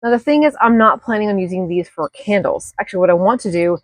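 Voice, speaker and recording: A woman's voice: medium pitch, fast, no room sound. A woman casually rambling through a show-and-tell of her thrift finds at home, self-deprecating and restarting often. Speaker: thrift haul vlogger.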